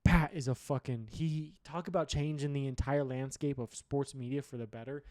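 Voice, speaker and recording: A sports podcast host with a medium-pitched, slightly mellow voice and fairly even intonation speaks at a moderate pace. He rambles through a solo rant full of blunt, profane opinions, captured in clean studio sound with no room ambience.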